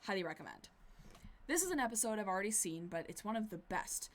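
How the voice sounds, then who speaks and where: A woman's voice: medium pitch, fast talker. A woman streaming a dating game, reading it aloud with wry, chatty commentary. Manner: wry, chatty, deadpan asides.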